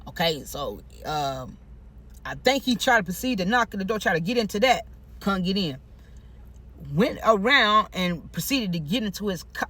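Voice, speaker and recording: High-voiced, bright, animated storytelling man. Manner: heavy profanity, slangy and repetitive; animated, emphatic retelling. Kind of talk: casual storytime monologue.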